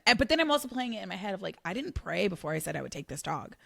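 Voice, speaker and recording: A young woman co-hosting a faith podcast, telling her story in an emotional, animated way. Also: mid-range voice, racing, gravelly, hardly any pauses, dry recording, studio quality. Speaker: podcast co-host. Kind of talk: casual chat.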